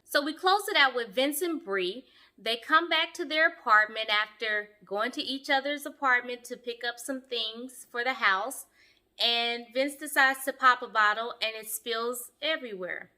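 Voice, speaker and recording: A young woman giving sassy, animated commentary as she reviews a reality show for her viewers. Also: on the high side, unhurried. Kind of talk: casual commentary.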